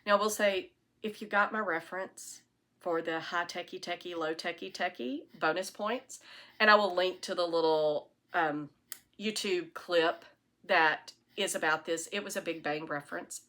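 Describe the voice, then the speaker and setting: A woman's voice: fairly low pitch, moderate pace, bright, forceful tone. A woman hosting her own knitting podcast, chatting casually and rambling to an iPad camera on a tripod at home. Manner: chatty, rambling, self-deprecating. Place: at home, alone.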